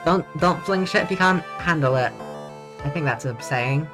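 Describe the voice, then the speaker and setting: A woman streaming herself playing a courtroom video game, joking, swearing and bursting out in quick excitement as she reads the dialogue aloud. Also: low-pitched, music in the background. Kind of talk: casual gameplay commentary with read-aloud dialogue.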